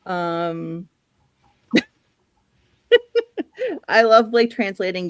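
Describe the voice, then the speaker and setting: Speaking extremely slowly with huge swings in pitch, this medium-voiced woman from the Midwest runs a laid-back book livestream. She's chatty, laughs a lot while reading out viewer comments, and the recording is dry.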